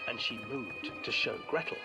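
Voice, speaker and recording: A voice narrating a dark fairy tale on a horror game's ride, hushed and dramatic, often dropping into a whisper. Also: medium pitch, lively intonation, moderate pace, gravelly. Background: game music.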